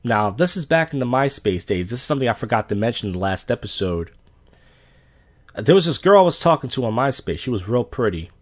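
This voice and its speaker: Animated, profane male podcast host. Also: mid-range voice, brisk. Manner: blunt, profane, acts out dialogue. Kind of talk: casual storytelling rant.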